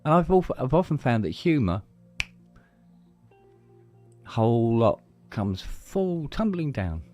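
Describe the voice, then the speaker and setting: A man's voice: medium pitch, very animated, slow, a little mellow, soft background music. A man telling stories in casual podcast conversation, acting out his own anecdotes. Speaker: podcast co-host.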